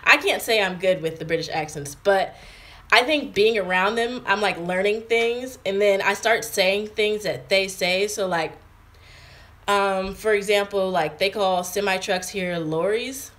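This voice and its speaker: Her voice is mid-range and a little bright, paced in a measured way. An American vlogger in her twenties, she livestreams from inside her English home, reading viewer comments and responding casually with frequent fillers.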